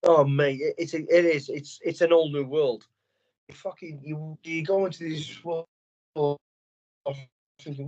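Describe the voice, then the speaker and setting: A man's voice: a little high, moderate pace, dull audio. A middle-aged man, a former soldier telling stories as a podcast guest, blunt and full of swearing. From England. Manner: blunt, heavy swearing, animated storytelling. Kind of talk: casual interview chat.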